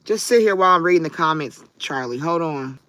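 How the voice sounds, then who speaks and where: A woman's voice: low-pitched, lively intonation, fairly quick, fairly bright tone, no room sound. A woman hosting a live tarot reading stream, chatting casually and answering viewers by name. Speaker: tarot reader and livestream host. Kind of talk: casual livestream chat.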